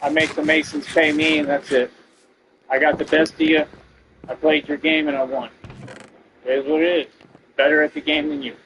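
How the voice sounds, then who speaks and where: A man's voice: on the high side, lively intonation, normal speed, vocal fry, pauses often, noisy background. A man ranting at viewers during a game stream, boastful and confrontational. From Texas. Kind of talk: ranting to viewers while gaming. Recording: dull lo-fi stream audio.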